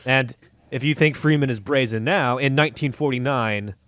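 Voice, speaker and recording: Man, podcast co-host, casual swearing storyteller, dry close mic, mid pitch. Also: normal speed, no room sound. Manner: laughing, swearing, animated retelling with quoted voices. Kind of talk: casual profane storytelling chat.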